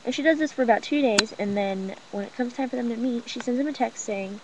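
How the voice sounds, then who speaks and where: A woman's voice: on the high side, quick pace. Young woman gossiping profanely on a noisy webcam. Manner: rambling, profane and mocking, with many fillers. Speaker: vlogger. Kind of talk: casual gossip vlog. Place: room at home with a cousin talking nearby. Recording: noisy home webcam recording.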